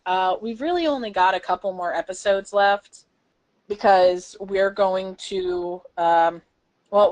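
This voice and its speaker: Chatty young woman podcast host. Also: medium pitch. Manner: excitable, chatty, frequent fillers. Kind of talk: casual podcast chat.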